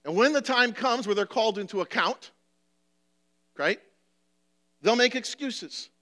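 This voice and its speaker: Male preacher, sermon, high voice, bright tone, passionate, pleading, rhetorical questions, emotional, near tears. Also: expressive, unhurried.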